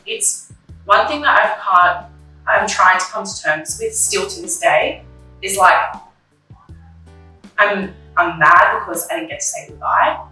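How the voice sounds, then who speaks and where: A woman's voice: mid-range voice, pushed and bright, distant mic. A young woman, talking candidly and emotionally as an interview guest, often acting out her own past conversations. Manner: candid, emotional, retells her own past dialogue, many likes and ums. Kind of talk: personal conversation about grief. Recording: echoey room, voice off-mic, faint music.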